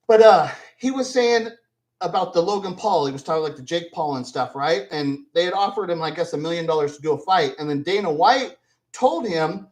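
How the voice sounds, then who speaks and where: A man's voice: a little high, lively intonation, a little fast, a little mellow, low-quality recording. A man hosting a commentary channel, ranting in a scornful, rambling way full of swearing.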